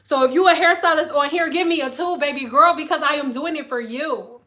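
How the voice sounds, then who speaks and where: A woman's voice: sits high, fairly quick, a bit bright. A woman in her thirties, a former hairstylist, talking bluntly to her viewers on a phone livestream, swearing freely and repeating phrases for emphasis. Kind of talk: candid livestream chat with viewers. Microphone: phone camera.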